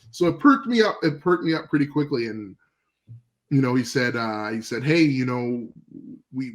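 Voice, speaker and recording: A man from Canada, a podcast guest, telling stories in a relaxed, rambling way with fillers, acting out old phone calls. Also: on the low side, poor audio. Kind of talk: casual storytelling interview.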